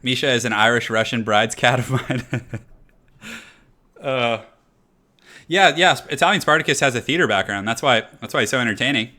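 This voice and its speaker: A man's voice: mid-range voice, moderate pace, pauses often, bright, forceful tone. A man casually commenting on his own game during a live stream, thinking aloud, chatting with viewers and laughing often.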